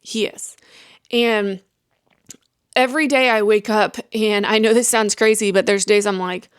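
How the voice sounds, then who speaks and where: A woman's voice: mid-range voice, steady tone, a little slow, clean tone, no echo, studio quality. A young adult woman hosting a podcast, talking candidly and earnestly, rambling with restarts and acted-out self-talk. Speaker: podcast host.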